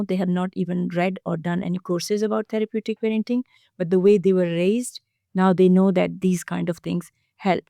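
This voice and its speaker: Low, gravelly-voiced foster carer woman. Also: mellow, no echo, studio quality. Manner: earnest, halting with frequent fillers and restarts. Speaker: foster carer, podcast guest. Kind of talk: casual podcast conversation.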